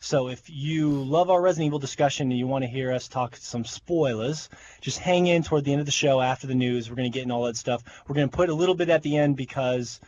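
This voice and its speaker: A man's voice: mid-range voice, fast, a little mellow, dull audio, a little hiss or hum. A man hosting a gaming podcast, chatting in an upbeat casual way with fillers. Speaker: podcast host.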